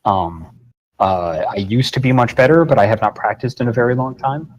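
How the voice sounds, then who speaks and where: A man's voice: mid-range voice, expressive, moderate pace, low-quality recording. A man talking as a guest voice actor and game master, rambling and swearing casually in an interview.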